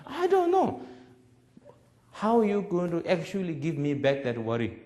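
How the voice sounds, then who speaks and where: A man's voice: on the high side, wildly swooping pitch, measured pace, dark tone. A man in his forties, a Buddhist teacher giving a public talk in broken English, telling stories and laughing often. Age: 40s. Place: webcast lecture.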